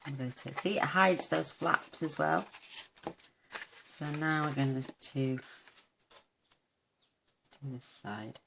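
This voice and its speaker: A woman's voice: deep voice, takes it slowly, creaky, long pauses, noisy background. A woman giving a chatty, homely papercraft tutorial at her craft table, full of self-deprecating asides. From United Kingdom. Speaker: papercraft demonstrator.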